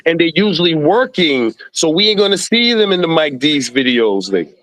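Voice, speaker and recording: A man's voice: fairly high pitch, sing-song, moderate pace, a bit bright, rough recording. A man chatting as a podcast guest, blunt and profane, acting out quoted voices as he tells stories. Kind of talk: casual podcast chat.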